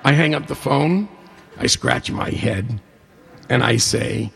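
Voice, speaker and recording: A man in his forties or older telling a personal story, a lively storyteller who acts out the dialogue with humor. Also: medium pitch, slow pace, creaky. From New York State. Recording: hall reverb.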